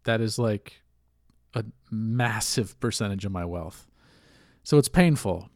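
A man's voice: fairly low pitch, expressive, takes it slowly, no room sound, studio quality. A man hosting a casual solo podcast, rambling candidly, swearing freely and laughing at himself. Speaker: podcast host.

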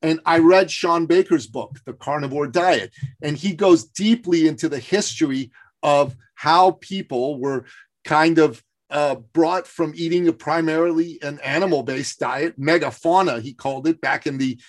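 A man's voice: on the high side, moderate pace. A man in his fifties hosting a podcast interview, talking earnestly with frequent hesitations. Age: 50s. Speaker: podcast host. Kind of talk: casual interview chat.

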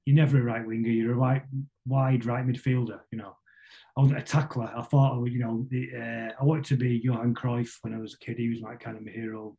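A man's voice: mid-range voice, level tone, brisk, warm tone, lo-fi sound. A middle-aged man, a podcast guest telling long stories that ramble along with frequent restarts and repeated words. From Salford, England. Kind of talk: casual storytelling interview.

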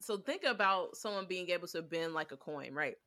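A woman with a bright, forceful tone and a somewhat low pitch, talking casually on a podcast. She rambles through lots of fillers and gets animated as she retells scenes. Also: a little fast. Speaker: podcast co-host. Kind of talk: casual anime review chat.

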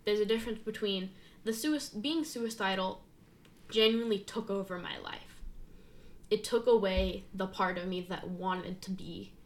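A young woman speaking candidly in a casual conversation, halting and full of fillers and restarts. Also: mid-range voice. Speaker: guest sharing her story.

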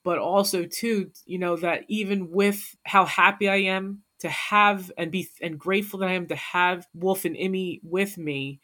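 A woman's voice: on the low side, steady tone, moderate pace, few pauses, a bit bright. A woman as a podcast guest, telling a personal story in an earnest, heartfelt way.

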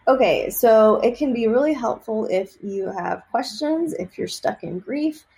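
A woman from Texas, a psychic medium, chatting in an interview and telling lively stories with many fillers and laughs. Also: fairly high pitch, a little slow, vocal fry. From Austin, Texas. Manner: animated storyteller, laughs often, many fillers. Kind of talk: casual interview chat.

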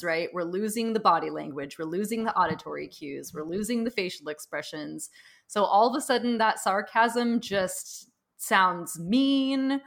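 A woman co-hosting a podcast in casual conversation, her voice sitting at an ordinary middle pitch. She lays out her points in an explanatory way and often checks in with her listener. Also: a bit bright. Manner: explanatory, ends points with "right?". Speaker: podcast co-host. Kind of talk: casual chat.

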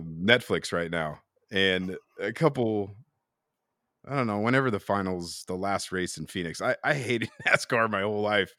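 A man with a lowish voice co-hosting a podcast, recorded dry and close. He rambles along casually, with lots of fillers and restarts. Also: sharp tone, no room sound. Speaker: podcast co-host. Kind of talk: casual chat.

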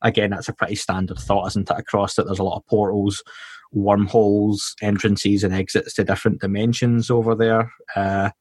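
Scottish male podcast host, low-ish husky voice, dry and close, easygoing banter. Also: flat delivery, normal speed, a little mellow, no room sound. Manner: chatty, reads out listener comments with jokes. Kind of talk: casual podcast chat.

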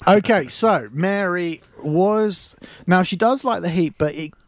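Male radio host, slightly high voice, playful teasing patter, dry booth. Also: unhurried, no echo. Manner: teasing, jokey banter. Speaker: radio presenter. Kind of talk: casual radio chat. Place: radio studio.

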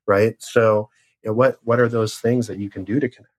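Host, male, lowish voice, relaxed, asks guiding questions. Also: fairly quick. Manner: conversational, steers with questions. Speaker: podcast host. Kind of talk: casual podcast chat.

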